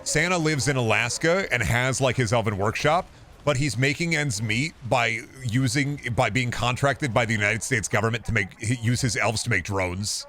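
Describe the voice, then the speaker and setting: A man's voice: mid-range voice, normal speed, pushed and bright, slight background noise. A man streaming a game, chatting casually and opinionatedly about movies, swearing often. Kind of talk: casual chat while gaming.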